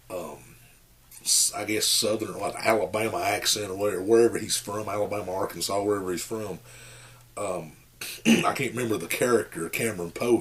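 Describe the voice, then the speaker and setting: A man, giving a rambling, folksy movie review with lots of fillers. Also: on the low side. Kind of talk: casual rambling monologue.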